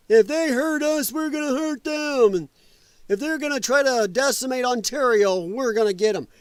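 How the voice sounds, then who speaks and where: Profane high-voiced man ranting. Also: a bit bright, no room sound. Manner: profane, combative, sarcastic ranting; mocks opponents in put-on whiny voices. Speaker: political commentary streamer. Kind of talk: casual ranting commentary.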